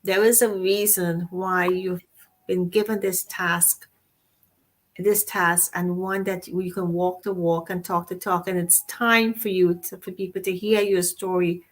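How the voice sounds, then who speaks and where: Effusive rambling talk-show woman, lowish voice. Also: flat delivery, measured pace. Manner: effusive, rambling, with frequent restarts. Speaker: co-host. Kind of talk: casual talk show chat.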